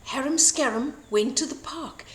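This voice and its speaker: An older woman reading a bedtime story aloud for children, slow and expressive. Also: high voice, slight background noise. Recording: roomy echo.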